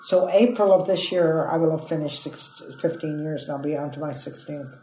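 A woman, a comedian telling stories in an interview with a chatty, lively manner that swoops up for emphasis. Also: low voice, a little fast, slight background noise. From United States (Ohio). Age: 80s. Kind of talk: animated interview storytelling. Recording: echoey room.

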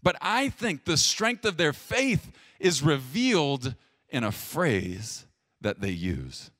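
A male pastor preaches directly to his viewers at a slow pace, his lively voice leaping up for loud emphasis and dropping to hushed, low lines. He speaks plainly and directly, and the recording is close and dry with no room sound.

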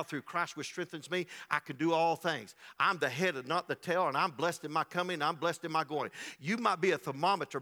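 A pastor with a fairly high-pitched voice preaches a sermon, telling a scripture story with animation. He acts out the voices of its people and builds to loud, rising passages.

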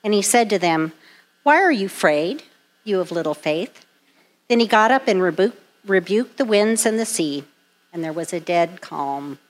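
A woman's voice: medium pitch, animated, normal speed. Woman reading scripture in church. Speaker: scripture reader.

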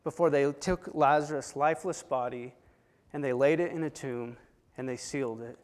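A man preaching a sermon, retelling a story with dramatic swings between hushed and loud delivery. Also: mid-range voice, moderate pace. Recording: long hall reverb.

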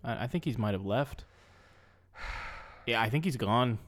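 Bemused man with a lively voice. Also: medium pitch, measured pace. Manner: bewildered, playful, bursts into mock outrage. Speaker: comedy podcast co-host. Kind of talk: improvised comedy banter.

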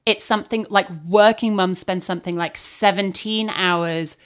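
A woman's voice: mid-range voice, fairly even intonation, normal speed. A woman co-hosting a podcast, chatting casually and bluntly with frequent swearing. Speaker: podcast co-host. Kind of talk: casual recap chat.

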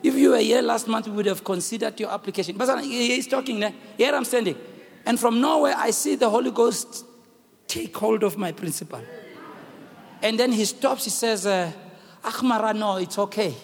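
Here the pastor's voice is very high and gravelly at a moderate pace. He preaches a sermon loudly, tells a story, and calls to the congregation, moving between English and local languages in an echoing hall with faint background noise.

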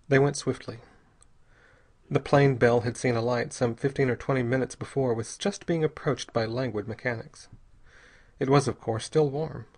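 A man narrating an audiobook chapter in a steady, even reading voice. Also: mid-range voice. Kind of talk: scripted narration.

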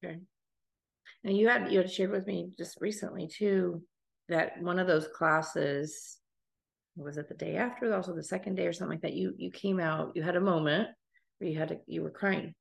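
A middle-aged woman with a Southern California accent who hosts a podcast and gently prompts her guest with questions. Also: lowish voice, steady tone, moderate pace, gravelly. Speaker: podcast host, guest's mother. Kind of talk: interview conversation.

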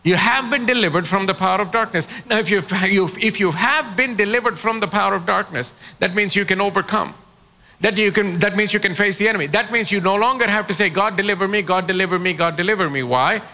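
A man's voice: high voice, fairly quick, bright, forceful tone, big-room sound, a little hiss or hum. A man preaching a sermon as pastor, calling on his congregation to answer back. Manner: preaching with call-and-response prompts to the congregation.

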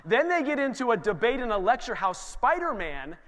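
A man in his thirties preaching a sermon in church, telling lively stories about his kids and acting out their voices. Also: very high-pitched, a little fast. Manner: animated storytelling, acts out his kids' voices. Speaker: pastor. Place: church sanctuary. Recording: long hall reverb.

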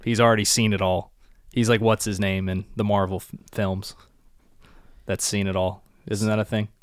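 Young male co-host, relaxed recap chat, low and smooth, dry mic. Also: normal speed, dry recording. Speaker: podcast co-host.

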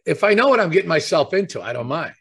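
A man's voice: fairly high pitch, sing-song, quick pace, creaky, fairly bright tone. Profane middle-aged man telling stories. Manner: profane storytelling, lots of "I was like" and "you know". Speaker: podcast co-host. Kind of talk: casual chat.

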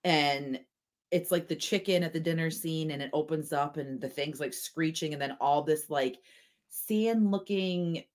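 A woman co-hosting a casual podcast chat, telling stories with lively acted-out quotes and frequent laughter. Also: sits low, measured pace. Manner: animated storytelling, acts out quotes, laughs often. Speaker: podcast co-host.

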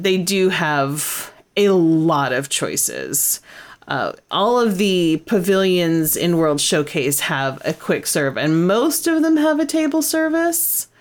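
A woman co-hosting a casual chat, talking. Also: low voice. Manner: chatty, with frequent fillers and laughs. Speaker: podcast co-host.

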